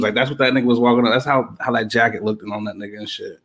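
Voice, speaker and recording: A man in casual conversation, animated and profane, slipping into quick impressions of the people he talks about. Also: medium pitch. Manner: animated, profane slang, acts out quotes. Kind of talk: casual chat about a music event.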